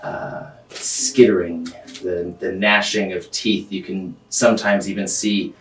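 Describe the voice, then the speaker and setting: A man narrating a tabletop game as game master. He describes scenes at length, often pausing on ums and uhs. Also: low-pitched, flat delivery, a little hiss or hum. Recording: roomy, distant mic, faint music.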